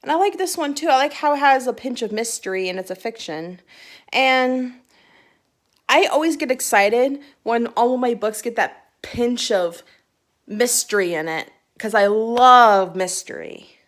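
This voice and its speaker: A woman's voice: a little high, a little slow, fairly bright tone. A young woman chatting casually to her phone camera about books she read, giggly and rambling with restarts. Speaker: book vlogger. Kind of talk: casual book chat to camera.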